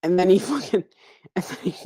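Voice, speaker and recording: A man's voice: sits high, expressive, fairly quick, warm tone, breathy edge. A young man telling a long, profane story in a casual voice chat with friends, laughing as he goes.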